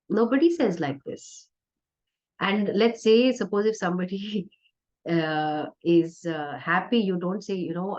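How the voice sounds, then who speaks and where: A woman spiritual teacher giving a conversational, playful discourse with soft laughs. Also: mid-range voice, measured pace. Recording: dull lo-fi recording.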